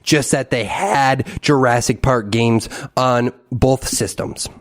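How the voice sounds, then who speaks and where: A man's voice: medium pitch, slow pace. A man hosting a podcast in a casual, rambling monologue, ranting and mocking himself. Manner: animated, self-mocking ranting. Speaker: podcast host.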